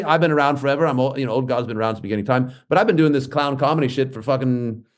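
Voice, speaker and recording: A man in his forties, a comedian and clown performer chatting as a podcast guest, animated and swearing freely as he tells stories. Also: medium pitch. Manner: animated storyteller who swears freely and acts out quotes. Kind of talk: casual podcast chat.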